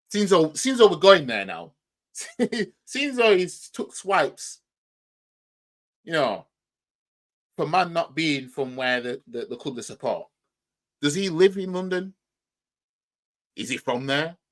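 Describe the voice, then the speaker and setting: A man's voice: on the high side, very animated, slow pace, long pauses, a bit bright. A man with a Yorkshire accent hosting a football reaction channel, talking in a rambling, argumentative way and firing off rhetorical questions. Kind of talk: casual reaction commentary.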